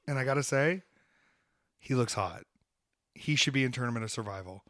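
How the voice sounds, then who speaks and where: A man's voice: mid-range voice, moderate pace, a bit bright, dry recording. Man, podcast host, brash ranting trash talk, comic, dry close mic. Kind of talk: casual podcast chat.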